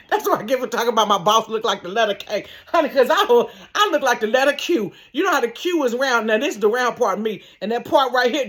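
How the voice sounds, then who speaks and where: A woman telling a funny personal story in a casual vlog from her bedroom, animated and laughing, acting out sounds. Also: a little high. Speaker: storyteller vlogger.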